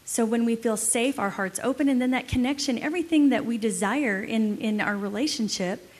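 A woman teaching couples about marriage in an encouraging manner, listing her points one by one. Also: on the high side. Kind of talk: teaching to a live group.

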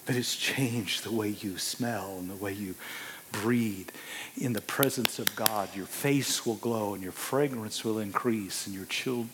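A man's voice: fairly low pitch, a little slow, noisy background. Emphatic preacher in his sixties. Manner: emphatic, swings from hushed asides to loud exclamations. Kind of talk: sermon.

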